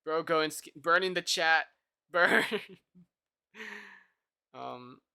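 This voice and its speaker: A man with a bright, fairly high voice talks to his live-stream chat as he works through code. He thinks out loud and laughs often. He keeps it loose and pokes fun at himself. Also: normal speed, vocal fry, clear, resonant tone. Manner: chatty, thinks aloud, self-deprecating, laughs easily. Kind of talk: casual live-stream chat while coding.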